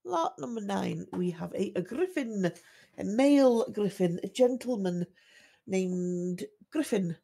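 A woman acting as auctioneer on a game livestream, calling lots and bids in a steady, methodical way. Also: mid-range voice, takes it slowly, creaky, breathy edge. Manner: steady methodical lot-calling, selling once, twice, sold.

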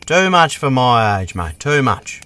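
A man voicing a tired, gruff, older Australian bushman in a fan-made cartoon, talking in short, grumbling lines. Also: medium pitch, very animated, unhurried, pushed and bright.

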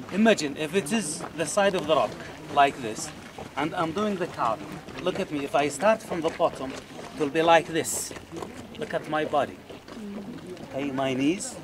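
A man guides a group around an outdoor site in a fairly high voice. He is animated and speaks straight to his listeners, and loud outdoor noise runs under his speech. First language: Arabic. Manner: animated, demonstrative, addresses listeners directly. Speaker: tour guide. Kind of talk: guided tour talk to a group. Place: outdoors at a rocky archaeological site.

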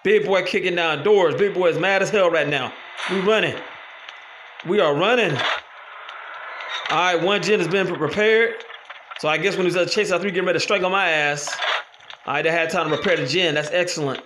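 Excitable male game commentator, high voice, noisy mix. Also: a little fast, long pauses. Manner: loud exclamations and cursing at the game. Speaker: gaming channel host.

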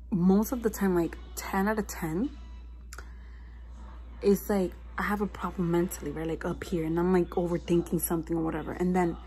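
This is a casual confessional vlog: a young woman, stressed and low, talks to the camera with frequent "like" and "you know what I mean." She has a lowish, slightly mellow voice, heard through a rough recording.

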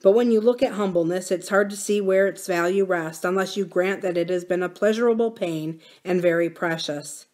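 A man's voice: high voice, normal speed, few pauses, close to an everyday voice. Woman reading as a musing old farmer. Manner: musing, gently philosophical.

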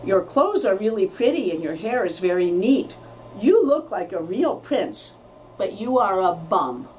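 Woman doing an excited bold princess. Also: a little slow, a little hiss or hum, low-quality recording. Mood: tart. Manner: excited high exclamations. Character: bold clever young princess.

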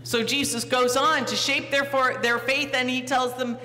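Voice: high voice, little pitch movement, moderate pace, few pauses, pushed and bright. A pastor giving a sermon in a church, telling the story vividly and asking the congregation questions. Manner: storytelling, acting out the disciples, posing questions to the listeners. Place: church sanctuary. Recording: reverberant church hall, faint hum.

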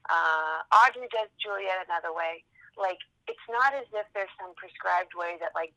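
Gravelly-voiced bright woman from Massachusetts. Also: lowish voice, dry recording, poor audio. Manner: chatty, animated storytelling with fillers. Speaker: actress and podcast guest. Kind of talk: casual interview chat.

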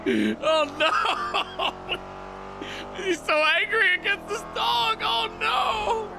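A man's voice: very high voice, extremely slow, creaky, over music. A man in a game role-play commenting on the scene and laughing a lot.

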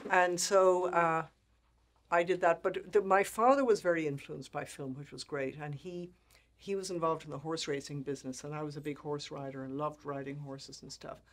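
A woman in her sixties, a make-up artist speaking as a guest, telling lively anecdotes and acting out the people she quotes. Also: deep voice. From Ireland. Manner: animated anecdotes, frequent laughter, acts out quoted people. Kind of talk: storytelling interview talk.

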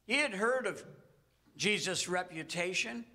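Bright, high-voiced male pastor preaching. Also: expressive. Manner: earnest storytelling, dramatic pauses. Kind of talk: sermon.

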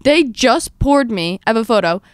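A woman in her twenties hosting a podcast, telling a story in casual chat with lively, dramatic retellings of her own quotes. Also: fairly high pitch, normal speed, dry recording, clean studio sound. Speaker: podcast host.

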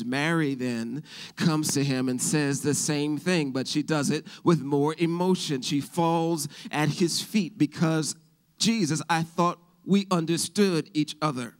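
A man's voice: on the high side, normal speed. A male pastor preaching a sermon, asking his congregation questions and acting out the Bible voices as he tells them. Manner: acts out Bible voices in the telling.

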